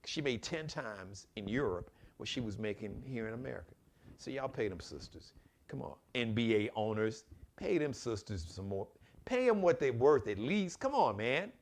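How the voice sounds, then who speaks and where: A man hosts his own live commentary show, sharing opinions alone in an impassioned, preachy way and urging listeners directly. His medium-pitched voice is sing-song, at a normal speed.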